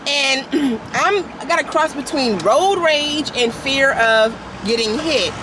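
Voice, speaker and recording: A woman's voice: high-pitched, expressive, slow pace, background noise. A woman in her forties vlogging in casual chat, blunt and profane with joking asides. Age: 40s. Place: in a car.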